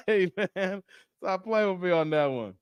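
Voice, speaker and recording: A man's voice: high voice, big pitch swings, takes it slowly, smooth, no room sound. A man hosting a casual live stream, joking loosely with his chat and laughing often. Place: Las Vegas.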